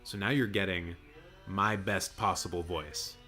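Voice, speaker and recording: A low-voiced man whose voice has gone raspy and hoarse from hours of talking, speaking into a good studio mic. He chats casually and loosely, with plenty of fillers and restarts, and a little faint music plays behind him. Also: steady tone, a little slow, sharp tone. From Canada. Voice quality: deep and raspy. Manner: chatty, rambling, with fillers and restarts. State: hoarse from a long stream. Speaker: film channel live streamer. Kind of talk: casual live reaction stream.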